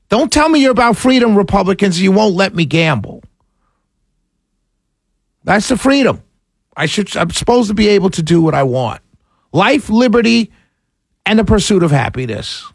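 A male radio host, delivering a sarcastic, animated talk radio monologue. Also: high-pitched, vocal fry, no echo, clean studio sound.

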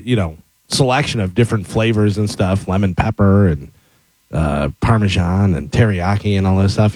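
A man's voice: fairly low pitch, a little mellow, no echo, poor audio. A man co-hosting a casual radio show, telling laid-back stories and introducing segments. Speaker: radio co-host.

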